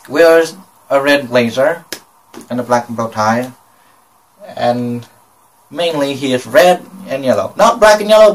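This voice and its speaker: Casual male vlogger, unhurried and halting, recorded a bit off-mic. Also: on the high side, recorded from a distance, rough recording. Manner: hesitant, with many fillers and pauses. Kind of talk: casual travel vlog narration.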